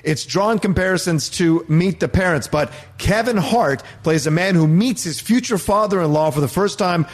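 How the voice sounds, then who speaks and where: A man hosting a casual movie news talk show, upbeat and joking, with quick asides. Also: high-pitched. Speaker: host.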